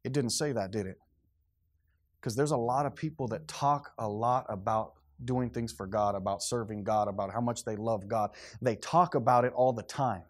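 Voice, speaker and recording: Animated conversational male preacher. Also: mid-range voice, normal speed. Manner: conversational, animated, acts out quotes. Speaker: pastor. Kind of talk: sermon.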